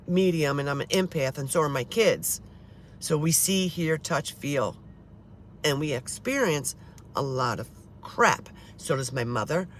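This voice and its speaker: A woman's voice: low-pitched, fairly bright tone, a little hiss or hum. Rambling, exasperated woman in her fifties. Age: 50s. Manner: frustrated, swearing, rambling with restarts. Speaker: paranormal vlogger. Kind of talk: casual rambling monologue to camera.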